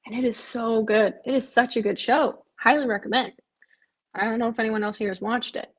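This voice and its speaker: A woman's voice: on the high side, steady tone, fairly quick. A woman hosting a live stream, chatting casually and answering viewer comments, with frequent "um" fillers and repeated phrases. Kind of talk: casual live watch-along chat.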